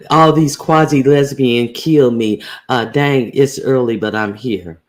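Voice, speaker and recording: A woman's voice: extremely low pitch, slow pace, a little mellow. A woman hosting a casual livestream, greeting viewers by name and talking bluntly with plenty of profanity. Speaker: livestream host.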